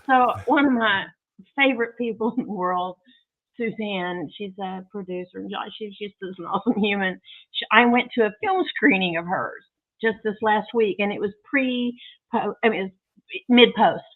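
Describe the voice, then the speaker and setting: A woman's voice: mid-range voice, normal speed. A woman chatting as a podcast guest, bubbly and self-deprecating, laughing often. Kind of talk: casual interview chat. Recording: thin phone-like sound.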